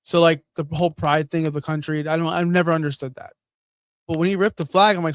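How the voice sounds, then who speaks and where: A man's voice: a little high, fairly even intonation, fast, no room sound. Laid-back man in a dry room. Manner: laid-back, joking, says "brother" a lot, swears. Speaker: podcast co-host. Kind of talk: casual wrestling podcast chat.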